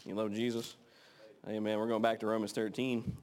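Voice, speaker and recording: A pastor with a lowish, slightly mellow voice and a level tone preaches to a congregation in church. He jokes conversationally about marriage, then slows down to read scripture and pray.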